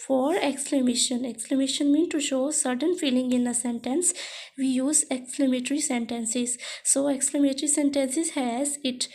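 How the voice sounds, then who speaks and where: A woman teacher giving a grammar lesson, explaining slowly, repeating herself and reading example sentences. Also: high-pitched, steady tone, darkish tone.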